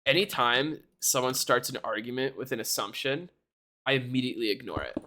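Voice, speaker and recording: A young man chats casually on a live stream, ranting animatedly about online arguments and laughing often. His voice is bright and forceful. A faint noise sits behind him on the desk mic. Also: medium pitch, expressive, brisk. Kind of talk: casual chat.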